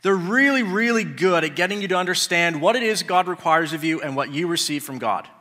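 A man's voice: fairly high pitch, fairly quick, pushed and bright, in a large hall. A man preaching a sermon in a conversational way, asking the congregation rhetorical questions. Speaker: pastor.

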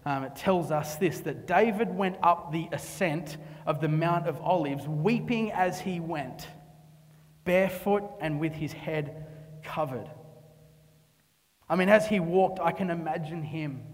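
A man preaching in a high, bright voice that rings with long reverb through a large hall. He delivers a dramatic sermon, sinking to a hushed hush and then surging into impassioned pleas. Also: measured pace. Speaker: pastor.

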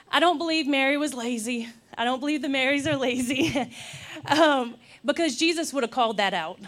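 Woman preacher, high voice, animated, laughing, acting out quotes. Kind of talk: sermon.

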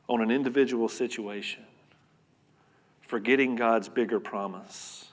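A man preaching a sermon as pastor, earnest and conversational, repeating words and swinging between loud and soft. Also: mid-range voice. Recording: long reverb of a hall.

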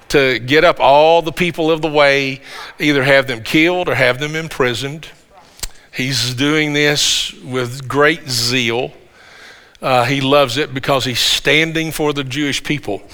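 A man preaching a sermon as pastor in a conversational way, stumbling over restarts and building to loud emphasis. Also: medium pitch. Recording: long hall reverb.

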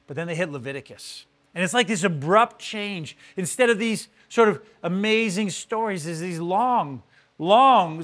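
A man's voice: sits high, a bit bright. A man preaching a Bible teaching in an earnest way, often restarting his phrases with repeated words. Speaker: pastor. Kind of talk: sermon-style Bible teaching.

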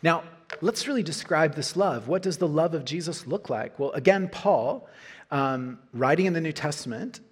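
Husky-voiced man preaching a sermon. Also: a little high, expressive, moderate pace. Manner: earnest preaching, frequent "right?" asides. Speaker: pastor.

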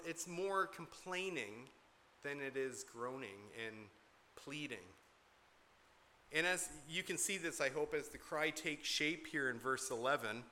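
A man's voice: fairly high pitch, pushed and bright, a little hiss or hum. A man preaching an expository sermon from the pulpit, earnest and emphatic, repeating key points to drive them home. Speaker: pastor.

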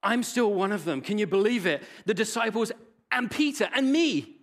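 A man's voice: high-pitched, lively intonation, moderate pace, fairly bright tone, pitched above the performer's own voice. A man voicing a remorseful fisherman disciple in earnest first-person retelling, plainly his own voice. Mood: elated.

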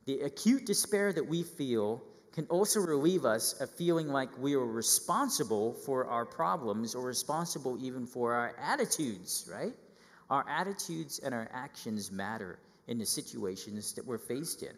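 A middle-aged man preaching a sermon to children, lively and full of questions, acting out quoted voices. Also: medium pitch, normal speed, long reverb tail.

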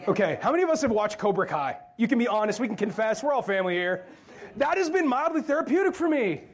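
High-voiced, joking preacher mid-sermon. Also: male voice, big pitch swings, fast talker. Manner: conversational, joking, asks the crowd questions. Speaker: pastor. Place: church.

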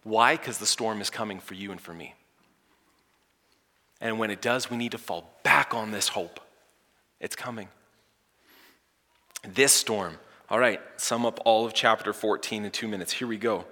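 Bright-voiced dramatic preacher in an echoey hall. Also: male voice, on the low side, unhurried, long pauses. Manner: dramatic, swinging from hushed near-whispers to loud emphatic lines. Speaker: pastor. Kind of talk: sermon.

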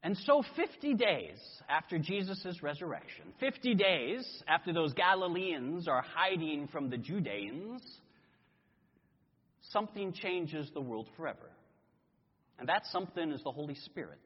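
A man preaching a sermon, telling a story in an animated way and acting out voices. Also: fairly high pitch, a little slow, husky. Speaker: pastor. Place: church sanctuary. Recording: echoey hall, dull lo-fi sound.

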